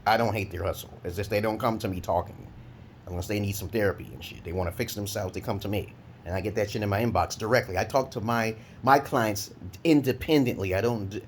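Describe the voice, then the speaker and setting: Male vlogger, profane rambling monologue, loud laughing outbursts, faint noise. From Brooklyn, New York. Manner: loud, laughing rants with sudden high shouts.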